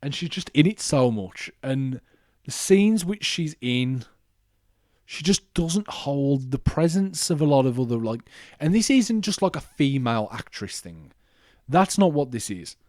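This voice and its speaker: A man's voice: medium pitch, very animated, measured pace, a little mellow, no room sound, studio quality. A young man hosting a casual solo movie review podcast, ranting animatedly and swearing often. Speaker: podcast host.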